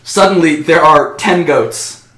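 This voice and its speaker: A man's voice: fairly high pitch, slow, a bit bright. A man narrating a tabletop game as game master, casual with frequent fillers. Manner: casual, many fillers, laughs often. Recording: echoey room, far from mic.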